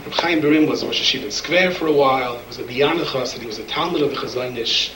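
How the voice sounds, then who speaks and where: A man with a mid-range voice delivers sermon storytelling at a fast clip, animatedly giving voice to each person he quotes. Background noise is audible, and the echoey room leaves him sounding far from the mic.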